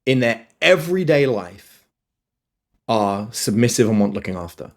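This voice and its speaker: A man, a dating coach guest on a podcast interview, telling stories with lively, acted-out quotes. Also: fairly low pitch, moderate pace. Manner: animated storyteller, acts out quotes in other voices.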